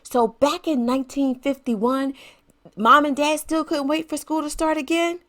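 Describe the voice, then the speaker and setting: A woman's voice: high-pitched, fairly even intonation, unhurried, fairly bright tone. A middle-aged woman hosting her own podcast, talking casually and encouragingly to parents and laughing often. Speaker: podcast host. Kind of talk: casual solo podcast talk.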